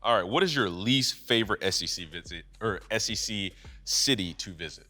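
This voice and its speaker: A man's voice: fairly low pitch, expressive, a little fast, pushed and bright. A young man hosting a casual interview as a sports analyst, playful and teasing. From Kentucky.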